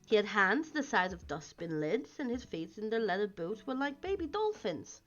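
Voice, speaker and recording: A woman reading a novel aloud in an expressive way, with small slips, on a dull lo-fi recording with faint music. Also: medium pitch, moderate pace. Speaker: reader.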